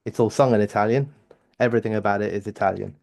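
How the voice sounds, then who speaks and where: A man's voice: lowish voice, steady tone, fast, vocal fry, a little mellow. A man co-hosting a music reaction show, explaining an album in casual, rambling talk, often restarting as he hunts for words. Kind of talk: casual chat.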